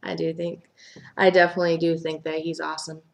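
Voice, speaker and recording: Young woman, lowish voice, chatty casual recap, lots of fillers. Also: flat delivery, fast, creaky. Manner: chatty, filler-heavy, acts out quotes. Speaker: host. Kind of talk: casual soap opera recap chat.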